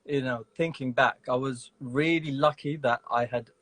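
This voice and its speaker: A man's voice: mid-range voice, steady tone, moderate pace, a bit bright, no echo. A man as a guest in a casual interview over a video call, talking in a reflective way with many "you know" and "sort of" fillers.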